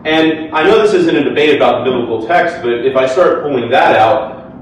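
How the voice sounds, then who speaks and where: A man's voice: medium pitch, animated, brisk, slight background noise. A man arguing his side in a formal debate, speaking earnestly and conversationally with frequent fillers, before an audience in a hall. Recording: echoey hall, distant mic.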